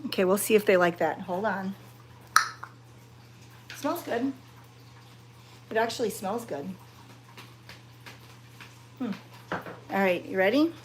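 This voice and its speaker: Woman talking slow to her viewers n cooing at cats, all excited, faint hiss behind. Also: medium pitch. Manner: chatty, excited and fond, with soft coos to the cats. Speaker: cat sanctuary vlogger. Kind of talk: casual chat to viewers while petting cats.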